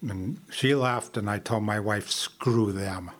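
An older man giving a personal testimony at a recovery meeting, halting with frequent restarts and small laughs. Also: on the low side, a bit bright. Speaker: member sharing at a recovery meeting.

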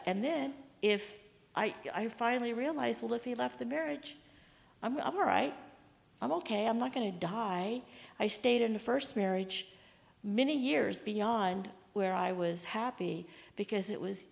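A woman candidly sharing at a support group meeting, repeating herself and trailing off softly. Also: mid-range voice, vocal fry, big-room sound.

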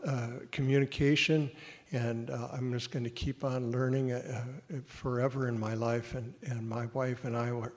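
A man speaks at a support group meeting, earnest and halting, pausing often on fillers. His voice sits at an ordinary pitch and carries a long reverb from a hall.

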